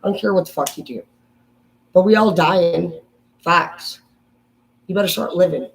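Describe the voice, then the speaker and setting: A woman's voice: fairly low pitch, moderate pace, creaky, slight background noise. Brash, crude woman vlogger. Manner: crude, brash, goes off on tangents. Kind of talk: profane rambling monologue. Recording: echoey room, voice from a distance.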